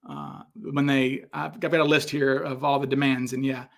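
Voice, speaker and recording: A middle-aged man hosting a casual question-and-answer stream, telling anecdotes in an animated way with many fillers and restarts. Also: medium pitch, moderate pace, vocal fry. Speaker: host answering viewer questions. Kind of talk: casual livestream Q&A.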